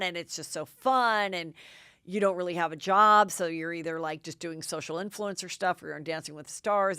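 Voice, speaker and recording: Chatty middle-aged woman host, smooth voice. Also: on the low side, no room sound, studio quality. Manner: chatty, excitable recapping with many "like"s. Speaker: podcast host. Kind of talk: casual gossip commentary.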